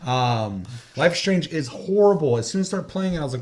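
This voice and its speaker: A man's voice: mid-range voice, sing-song, moderate pace. A man in his thirties co-hosting a casual gaming podcast, ranting with heavy profanity. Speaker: podcast co-host.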